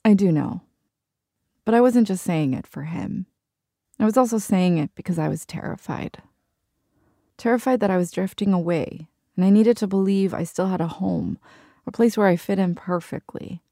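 A woman's voice: medium pitch, normal speed, creaky, dark tone, no room sound, clean studio sound. A woman from Argentina narrating her personal story in a candid, reflective way. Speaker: journalist and narrator.

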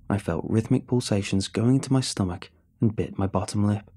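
Low husky man narrating horror. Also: moderate pace, hardly any pauses, mellow.

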